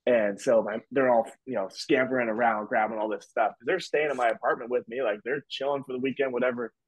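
A man's voice: medium pitch, fairly even intonation, fairly quick, breathy edge, no room sound. A man in his twenties, a podcast guest, telling a story casually with many fillers like "like" and "whatever". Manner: loose and rambling, heavy on fillers like "like" and "whatever". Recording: dull lo-fi, dry sound.

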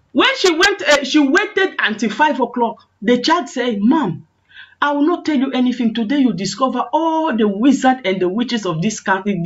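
A woman's voice: high voice, fairly bright tone, slight background noise. A woman evangelist preaching a sermon, telling a testimony with acted quotes and impassioned, repetitive calls in prayer. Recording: muffled lo-fi online call audio.

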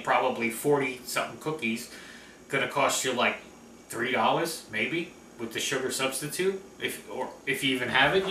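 A man's voice: mid-range voice, pushed and bright, a little hiss or hum. Chatty man in an echoey kitchen. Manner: chatty, easygoing, laughs often. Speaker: cooking vlog host. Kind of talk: casual cooking demo. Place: home kitchen.

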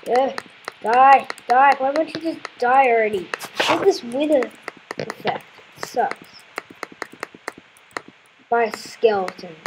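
A woman's voice: fairly high pitch, takes it slowly, pauses often, noisy background. A woman playing a video game, commenting casually and exclaiming in frustration with repeated words. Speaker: let's play gamer.

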